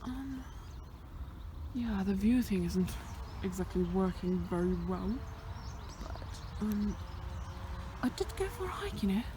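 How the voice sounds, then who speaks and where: A woman vlogging on a hike outdoors, chatting nervously into a handheld camera and swinging between whispers and loud exclamations. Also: mid-range voice, lively intonation, a little slow, noisy background. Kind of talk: casual vlog narration while hiking. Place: outdoors on a hillside near fenced fields.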